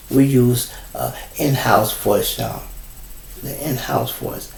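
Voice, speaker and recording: A man's voice: medium pitch, fairly even intonation, slow, vocal fry, a little hiss or hum. A middle-aged man with a Chicago accent hosts a casual livestream monologue, blunt, profane and preachy as he lectures his viewers. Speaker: show host. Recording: roomy echo.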